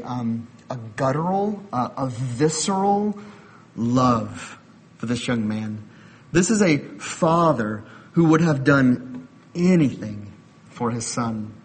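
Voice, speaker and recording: A man's voice: medium pitch, slightly rough. A man in his thirties giving a sermon as a pastor, conversational, mixing personal stories with building emphasis.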